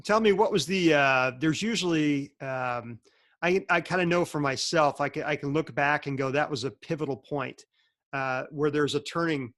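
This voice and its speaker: A man hosting a casual interview, asking halting but encouraging questions. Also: fairly high pitch, a bit bright. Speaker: interview host.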